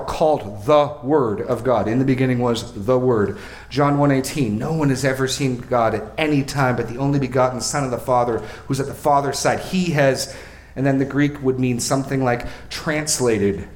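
A man's voice: mid-range voice, echoey room. A male pastor preaching an expository sermon. He asks questions of his listeners and repeats phrases for emphasis.

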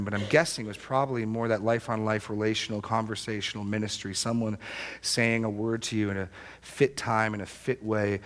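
A man preaching a sermon to a small church congregation, speaking in an earnest, emphatic way and repeating his key phrases for weight. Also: fairly low pitch. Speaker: pastor.

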